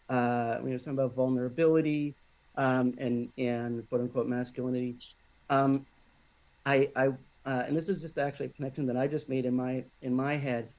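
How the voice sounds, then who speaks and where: A man talking on a podcast at a mid pitch, telling a personal story in an unpolished way. He stops and restarts often and fills gaps with fillers. His tone is plain and conversational. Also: darkish tone, rough recording. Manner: halting, many restarts and fillers. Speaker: podcast guest.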